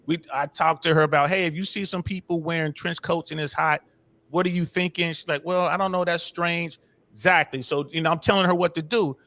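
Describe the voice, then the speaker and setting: A man's voice: on the high side, steady tone, fairly quick, pushed and bright. A middle-aged man guest in a casual conversation, telling stories and choosing his words carefully. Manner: storytelling, cautious with words.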